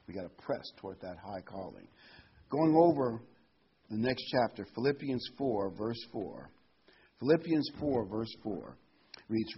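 A man's voice: mid-range voice, sing-song, a little slow, lo-fi sound, a little hiss or hum. A man preaching a sermon, earnest and emphatic, reading scripture aloud and stressing key words.

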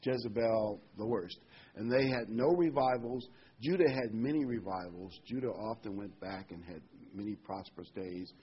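A man's voice: fairly low pitch, normal speed, husky. Man, sermon, chatty and emphatic, dull lo-fi sound. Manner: conversational preaching with fillers and emphatic repetition. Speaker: preacher. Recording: dull lo-fi sound with faint noise.

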